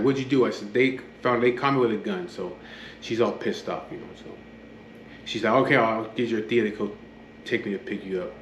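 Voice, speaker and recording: A man from the Los Angeles area, casually telling his own story in a blunt, profane, matter-of-fact way, acting out what others said in his own voice. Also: on the low side. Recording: echoey room with faint background hum.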